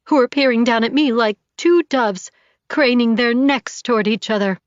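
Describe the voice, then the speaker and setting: A woman narrating a first-person audiobook in an intimate, steady storytelling voice, on a slightly dull recording. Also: a little high, normal speed, no room sound.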